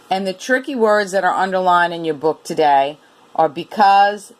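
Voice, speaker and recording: A woman teaching a reading lesson to children, repeating each word and sounding it out letter by letter in a slow, deliberate way. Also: on the low side, big pitch swings.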